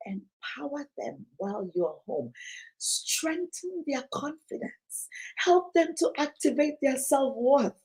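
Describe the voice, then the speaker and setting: In a roughly recorded motivational conference talk, a woman with a high, darkish voice coaches on parenting. She is emphatic and preachy, repeats her main lines, and acts out parents and children in quoted voices.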